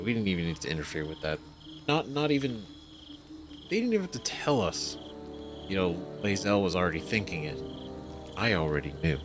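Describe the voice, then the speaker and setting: A man giving rambling, emphatic, casual commentary on a game he is playing. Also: sits low. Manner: rambling, emphatic, swearing, restarts. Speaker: let's-play host. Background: game music.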